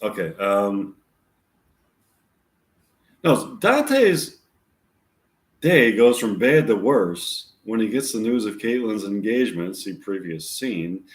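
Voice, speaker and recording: A man's voice: lowish voice, sing-song. Rambling man reading scripts in an echoey room. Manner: rambling, halting restarts. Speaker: amateur screenwriter. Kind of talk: reading his own scripts aloud.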